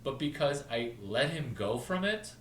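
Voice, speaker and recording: A man's voice: mid-range voice, very animated, measured pace, echoey room, recorded from a distance, a little hiss or hum, low-quality recording. Rambling man talking away from the mic. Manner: rambling, jumps between topics, spells out names. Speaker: video host. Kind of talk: rambling casual storytelling.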